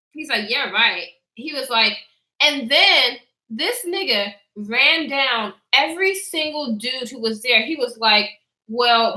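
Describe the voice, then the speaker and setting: A woman's voice: high-pitched, reverberant. A young woman vlogger casually telling a story time, acting out what people said and laughing often. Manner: animated, acts out quotes, reads live chat, laughs often.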